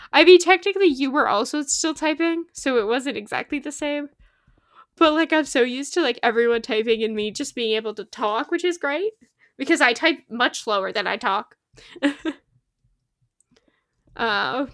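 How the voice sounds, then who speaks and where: A woman's voice: sits high, lively intonation, normal speed, no echo, studio quality. A young woman chatting casually while livestreaming a game, rambling with lots of fillers and laughs, sleepy and yawning. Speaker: streamer.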